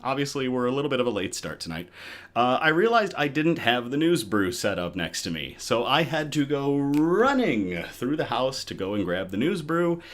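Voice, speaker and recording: A man's voice: mid-range voice, sing-song, moderate pace, a bit bright. A man hosting his own live good-news show from home, chatty and self-deprecating, a little out of breath. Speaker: host.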